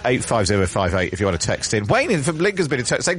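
A man hosting a casual radio phone-in, chatty and quick to laugh. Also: a little high, huge pitch swings, fairly bright tone, slightly rough.

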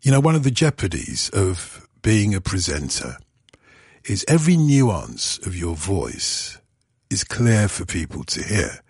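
A male radio phone-in presenter, talking at length to his listeners in an earnest, conversational way. His voice sits low and a little husky, with a lively, swinging pitch. The studio sound is close and dry. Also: unhurried, no echo. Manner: earnest, explaining at length, then chatty and laughing with callers. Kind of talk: casual radio phone-in chat. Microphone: studio microphone.

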